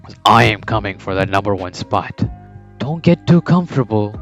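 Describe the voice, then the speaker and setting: A man voicing a cocky teenage male soccer striker who taunts and shouts at his rivals, over background music. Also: fairly low pitch, moderate pace, natural voice. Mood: defiant. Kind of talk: fan story voice acting.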